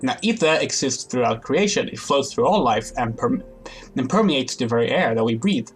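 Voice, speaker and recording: Man reading out a calm formal lady leader, lore explanation, game dialogue, faint music. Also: mid-range voice, normal speed, natural voice. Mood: explaining.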